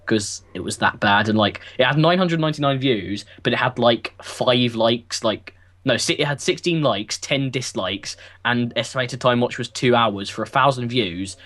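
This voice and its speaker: A man's voice: medium pitch, normal speed, a bit bright. Teenage guy, casual podcast chat, rambling, full of "like". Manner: rambling, lots of "like" and restarts. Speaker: podcast co-host.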